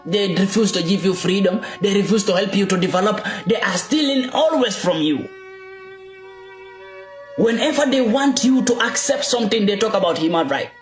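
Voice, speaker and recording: Impassioned man, high voice, echoey. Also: lively intonation, normal speed. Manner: repetitive rhetorical questions, emphatic. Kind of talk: impassioned political speech. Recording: echoey room with faint music.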